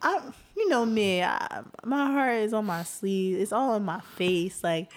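A woman in a casual chat, venting with an expressive, exasperated tone about her job. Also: medium pitch, a little slow.

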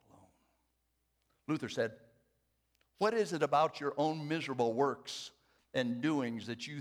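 A man preaching a sermon, moving from hushed, quiet phrases to loud emphatic declarations, with light jokes for the congregation. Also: mid-range voice.

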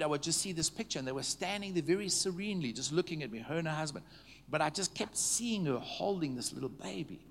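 A man preaching to a congregation, telling stories in a conversational way, checking in with the listeners and dropping to a hushed tone at tender moments. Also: fairly high pitch, a little hiss or hum. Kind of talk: storytelling sermon. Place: church meeting before a live audience.

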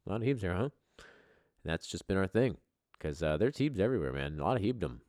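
A man hosting a podcast in casual, profane banter, excitable and swearing, with sudden jumps in volume. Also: low-pitched, fairly quick, no room sound, clean studio sound. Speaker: podcast host.

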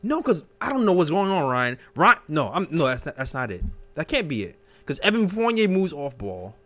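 A man hosting a casual sports talk show, animated and emphatic, tossing out questions as he thinks aloud. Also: a little high, normal speed. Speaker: host.

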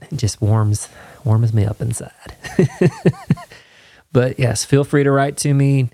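Male podcast host, mid-pitched, dry close studio mic, earnest and rambling. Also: a little mellow, dry recording. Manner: rambling, earnest, chatty with laughs. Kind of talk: casual solo intro then interview. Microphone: studio microphone with headphones.

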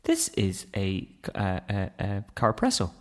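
A man with a Northern Irish accent, co-hosting a casual chat, stumbling over restarts and quick to laugh. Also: fairly low pitch. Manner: excitable, stammering restarts, laughs easily. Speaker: podcast co-host.

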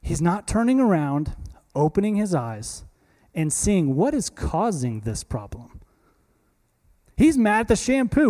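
Animated high-voiced male pastor. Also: unhurried. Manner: conversational, animated, acts out scenes. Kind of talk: sermon.

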